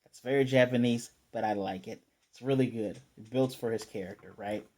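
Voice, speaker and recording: Male anime reviewer, casual recap, mellow voice, animated delivery. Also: mid-range voice, a little fast. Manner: animated, acts out the characters.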